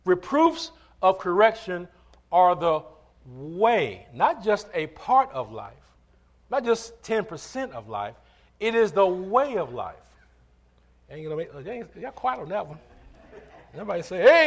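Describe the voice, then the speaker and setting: A man's voice: fairly high pitch, big pitch swings, a little slow, fairly bright tone. A male pastor preaching a sermon, calling for amens and telling casual stories between points. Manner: call-and-response preaching, asks for amens; conversational asides and storytelling.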